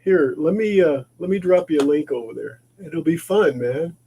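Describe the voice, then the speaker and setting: On a casual livestream from his maker shop, a man chats while he works, rambling and often repeating or restarting his words. His voice sits on the high side and sounds mellow, at a moderate pace, with slight background noise.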